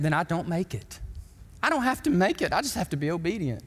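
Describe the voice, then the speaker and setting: A male pastor, preaching an emphatic, animated sermon in a church sanctuary. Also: sits high, fast talker, husky, some chatter behind. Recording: long hall reverb.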